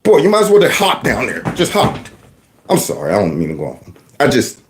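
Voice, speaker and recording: A former teacher runs his own channel, delivering a casual, folksy rant that drifts into acted-out voices. His mid-range voice moves fairly quickly and stays animated, with slight background noise in the recording.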